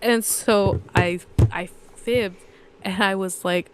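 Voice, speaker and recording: Speaking slowly in a mid-range voice with fairly even intonation, a young adult woman rambles through movie trivia and anecdotes as a podcast co-host. She reads trivia aloud and tells stories loosely, and there's slight background noise.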